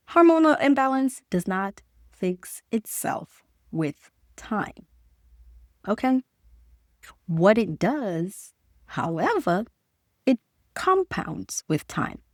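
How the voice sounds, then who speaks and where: A woman doctor with a fairly high, very lively voice that swings up and down as she talks. She is animated and conversational, firing rhetorical questions and doubling back on her points. The sound is dry and close, with no room in it. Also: dry recording. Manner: repeats key points for emphasis. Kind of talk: direct-to-camera health talk.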